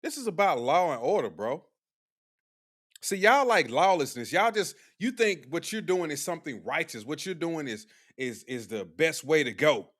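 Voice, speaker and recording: A man's voice: a little high, sing-song, normal speed, fairly bright tone. A young man doing live-stream commentary, talking bluntly and combatively to his chat with heavy slang. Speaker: livestream commentator.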